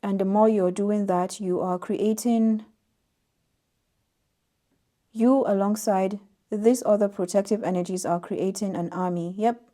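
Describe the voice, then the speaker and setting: A woman giving an intuitive tarot reading to camera, reading out card meanings in a soft, gently emphatic way. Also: mid-range voice, fairly even intonation, a little slow, long pauses. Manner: soft-spoken, reads oracle card text aloud with gentle emphasis. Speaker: tarot reader.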